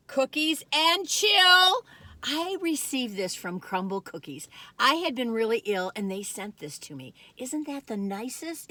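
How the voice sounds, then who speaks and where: A woman's voice: fairly high pitch, bright, forceful tone, dry recording. An older woman rambling through a casual food review vlog, going off on tangents and laughing often.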